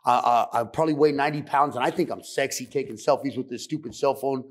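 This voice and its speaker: A middle-aged man telling his addiction recovery story on a podcast, blunt and profane. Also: medium pitch. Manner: blunt, profane, fast and intense. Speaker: guest sharing recovery story.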